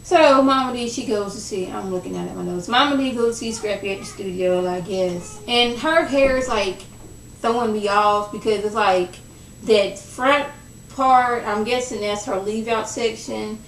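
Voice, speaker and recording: A young woman casually recapping a reality show episode, chatty and gossipy, acting out quoted lines in a lower voice. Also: moderate pace, a little hiss or hum. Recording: echoey room, mic at a distance.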